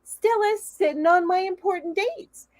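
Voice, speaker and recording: A woman's voice: extremely high pitch, measured pace, darkish tone, no room sound. A woman co-hosting a live crochet chat over a video call. She talks in a rambling, chatty way and laughs often. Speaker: podcast co-host. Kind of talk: casual live-stream chat.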